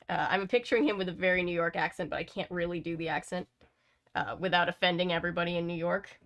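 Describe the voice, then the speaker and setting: A woman reads a novel aloud at home, casual and unhurried. She keeps breaking off for chatty, self-mocking asides before picking the story back up. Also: fairly low pitch, steady tone, a bit bright. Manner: chatty, laughs at herself, digresses often. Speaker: book-reading channel host. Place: home editing room.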